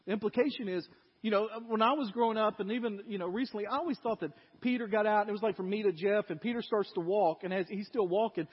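Preacher guy, highish voice, tells it like a story, muffled lo-fi church recording w/ long echo. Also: fast, slightly rough. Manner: animated storytelling, acts out people's voices. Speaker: pastor. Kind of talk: sermon. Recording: echoey hall, dull lo-fi sound.

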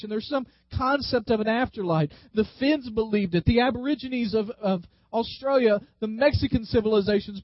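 Leading his congregation in call-and-response, a high-tenor pastor has them echo his lines back while he delivers a sermon. He slows and draws out his words for emphasis. The modest church recording is dry and somewhat dull, with no room sound.

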